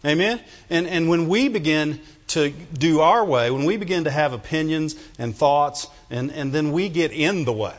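Lively preacher man in a reverberant church. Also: on the high side, normal speed, hardly any pauses. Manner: animated and joking, asks the congregation for amens. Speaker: pastor. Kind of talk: sermon. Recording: dull sound with long hall reverb.

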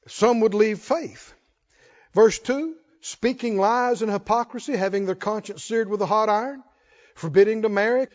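A man preaching a sermon as pastor, calling for responses from the congregation and rising into shouts. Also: sits high, long reverb tail, lo-fi sound.

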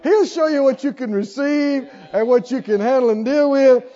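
A man's voice: very high-pitched, moderate pace, mellow, in a large hall. A man preaching a sermon, emphatic and laughing often as he asks the congregation questions. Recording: dull lo-fi recording.

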